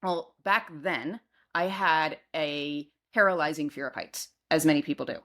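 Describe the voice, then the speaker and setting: A middle-aged woman co-hosting a podcast, telling a personal story in casual chat and acting out what she shouted back then. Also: low-pitched, measured pace. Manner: animated storyteller, acts out her own past shouts. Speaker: podcast co-host.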